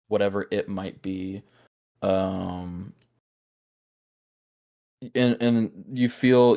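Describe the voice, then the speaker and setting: A man narrating a tabletop game as game master, halting and searching for words with many fillers. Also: sits low, a little mellow.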